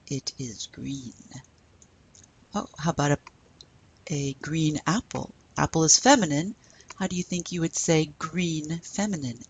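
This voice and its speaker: A woman's voice: low-pitched, normal speed, breathy edge. A woman teaching a French lesson, patiently asking questions and then modeling the answers. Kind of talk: recorded classroom lesson.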